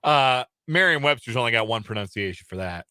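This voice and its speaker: A man's voice: medium pitch, expressive, a little fast, pushed and bright, slight background noise. A man co-hosting a sports radio show, easygoing and laughing often in casual chat, then plain and informative when giving football news. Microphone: studio microphone.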